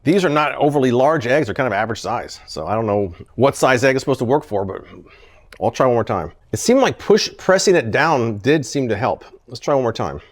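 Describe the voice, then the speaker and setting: A man hosting a casual gadget-review vlog, his speaking voice at a middle pitch but swinging widely up and down. He comes across as animated, often exasperated, and chuckles when things fail. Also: a little fast. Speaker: product reviewer, channel host. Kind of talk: casual product-testing vlog.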